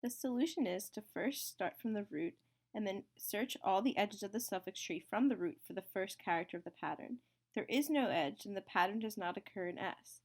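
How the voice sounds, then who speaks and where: A young woman, a student presenter, reading a prepared explanation of a search method in a steady, scripted way. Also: medium pitch, a little fast. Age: young adult.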